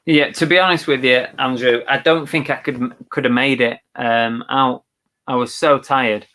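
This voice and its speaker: A man's voice: mid-range voice, fairly even intonation, moderate pace, sharp tone. Chatty man co-hosting a livestream. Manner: chatty, agreeable, thinks aloud with restarts. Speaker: co-host of a live reselling show. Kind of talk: casual live-stream chat, reading viewer comments.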